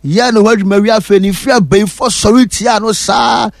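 A man's voice: high voice, steady tone, brisk, vocal fry, dry recording, clean studio sound. A man with a Ghanaian accent, speaking as a pastor who gives testimony and church announcements in an emphatic, repetitive, preacherly way.

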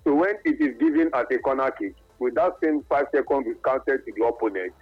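A man's voice: medium pitch, sing-song, fairly quick, vocal fry, slightly rough, no echo, muffled recording. A man calling in to a sports radio show, hesitant and searching for his words. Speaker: caller.

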